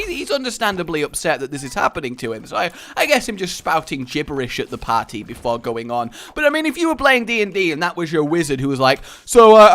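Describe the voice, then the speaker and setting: A man's voice: on the high side, fairly bright tone. A man hosting a gaming video, rambling through jokey, casual commentary while he plays and swearing freely.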